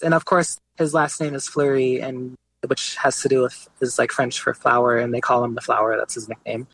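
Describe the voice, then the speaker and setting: A man being interviewed as a guest artist, telling his story in a relaxed, casual way, often saying "like" and "you know". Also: mid-range voice, moderate pace, gravelly, slightly rough, no room sound, rough recording.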